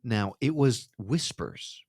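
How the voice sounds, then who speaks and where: A man's voice: mid-range voice, lively intonation, slow pace, darkish tone, breathy edge, no room sound, clean studio sound. A man hosting a podcast interview, conversational and explaining things to listeners. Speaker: podcast host.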